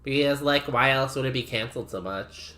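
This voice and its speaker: A man's voice: medium pitch, a little fast, bright, forceful tone, soft background music. A man streaming a game, chatting casually and rambling while he reads messages from chat aloud.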